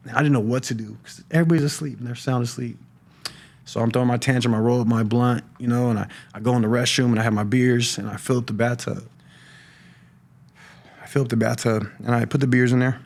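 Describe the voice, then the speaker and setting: A middle-aged man giving a personal testimony on a podcast, talking in a halting way with many restarts and repeated words. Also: medium pitch, vocal fry, a little mellow. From California. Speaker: podcast guest sharing recovery story. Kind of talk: personal testimony, casual talk.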